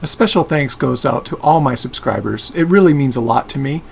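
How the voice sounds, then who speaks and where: A man's voice: medium pitch, expressive, fairly quick, gravelly, slight background noise. A man narrating a scripted video essay as host of his channel.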